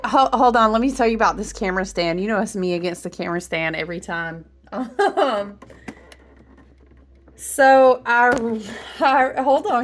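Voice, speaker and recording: A woman, chatting playfully with viewers as a tarot reader, laughing often. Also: mid-range voice. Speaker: tarot reader and astrology vlogger. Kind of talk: casual chatty livestream talk.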